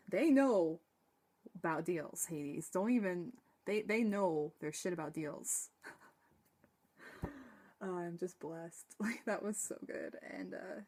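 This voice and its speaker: A young woman gives a casual, rambling review of a TV episode, excitable and sighing, laughing and swearing as she talks. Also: mid-range voice. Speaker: TV fan reviewer.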